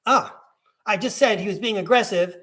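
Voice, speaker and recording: This high-pitched man, a tarot reader and podcast host, speaks at a normal speed with a sharp tone. He runs a live tarot reading in a casual, upbeat way, encouraging his listener and talking straight to them.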